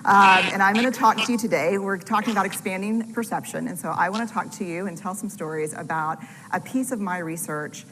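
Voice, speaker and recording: A woman's voice: medium pitch, brisk, hardly any pauses, background noise. Woman telling stories in a reverberant hall. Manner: candid, self-deprecating storytelling. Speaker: researcher and storyteller giving a talk. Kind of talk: public talk to an audience.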